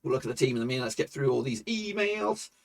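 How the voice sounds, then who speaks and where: A man hosting his own football management game channel, talking loudly and chirpily while he plays, rambling with many fillers. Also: medium pitch, very animated, fast talker, gravelly. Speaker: gaming channel host. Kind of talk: casual game commentary.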